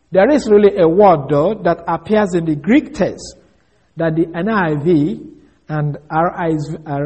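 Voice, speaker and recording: A man preaching an expository Bible lesson, measured and deliberate, spelling out words and repeating key phrases for emphasis. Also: sits high, darkish tone, husky.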